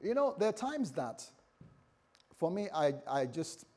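A man's voice: high-pitched, very animated, unhurried, warm tone. A man preaching a sermon as a pastor, in a conversational way, with frequent restarts and acted-out dialogue.

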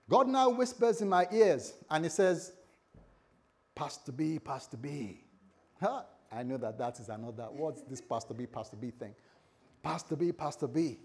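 Male pastor, husky voice, conversational sermon with lots of restarts and acted-out dialogue. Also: on the high side, big pitch swings, brisk.

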